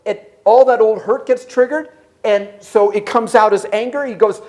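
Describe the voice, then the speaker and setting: During a church service, a man gives a lively, sermon-like talk full of stories and questions aimed at the audience. His voice is high-pitched and his pace a little quick.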